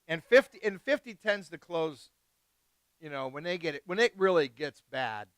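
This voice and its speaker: A man hosting a live wine tasting, chatting casually and excitedly with guests and swearing freely. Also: fairly high pitch, normal speed, no echo. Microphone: live stream mic.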